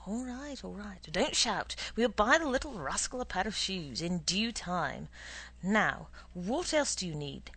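A woman's voice: mid-range voice, animated, a little slow, a bit bright, breathy edge, full character voice, low-quality recording. Woman reading as a dry, stingy husband. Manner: dry, lecturing, penny-pinching. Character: stingy, stern middle-aged husband.

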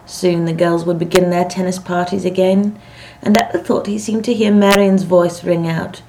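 A woman reading a story aloud in a measured, expressive audiobook narration. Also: lowish voice, a little hiss or hum, rough recording.

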